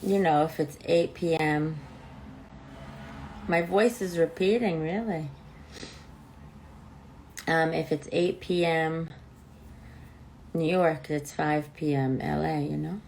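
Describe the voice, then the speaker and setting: Slow, chatty woman hosting a livestream. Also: low-pitched, steady tone, vocal fry, darkish tone, slight background noise, rough recording. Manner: chatty, loose, thinks aloud while waiting. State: allergies. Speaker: host of a live online talk show. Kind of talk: casual live-stream chat.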